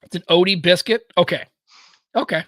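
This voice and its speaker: A man's voice: high-pitched, moderate pace, fairly bright tone, no echo. An American man in his thirties co-hosting a podcast, chatting loosely, joking and swearing freely. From United States. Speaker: podcast co-host. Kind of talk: casual chat.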